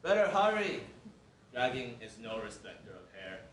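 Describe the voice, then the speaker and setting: A man's voice: medium pitch, big pitch swings, normal speed, lightly acted. A man playing a mocking herald who bullies captive women on stage, delivering taunting threats. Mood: menacing. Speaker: herald of the sons of Egyptos, stage actor. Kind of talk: school stage play performance. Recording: echoey stage, distant mic, faint hiss.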